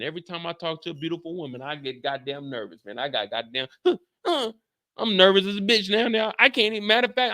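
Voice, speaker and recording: A man hosting a casual show recap, telling stories loudly with lots of profanity and acting out the dialogue. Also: on the high side, dry recording, clean studio sound. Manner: loud, profane, animated, acts out dialogue. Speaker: show host.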